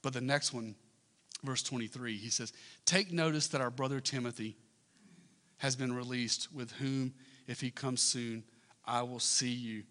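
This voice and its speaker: A man's voice: medium pitch, fairly even intonation, unhurried, bright, forceful tone. Man, pastor, sermon, conversational then emphatic questions, church sanctuary, long hall reverb.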